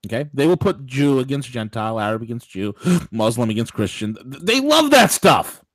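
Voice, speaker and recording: A man hosting a political talk show, speaking in an animated, digressive way with laughing asides. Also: medium pitch, normal speed, dry recording. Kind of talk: political talk radio commentary.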